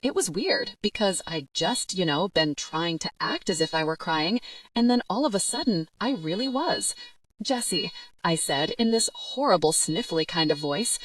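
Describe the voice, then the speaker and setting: A woman's voice: fairly low pitch, expressive, normal speed, no echo. A woman reading a young-adult audiobook in first person, with a chatty, wry teen-girl storytelling manner. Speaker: audiobook narrator.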